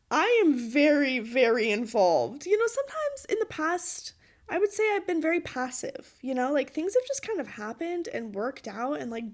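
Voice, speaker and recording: Woman in her late twenties, high voice, unhurried, earnest and pleading, laughs through tears. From Utah. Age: 20s. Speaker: podcast host. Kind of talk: personal monologue.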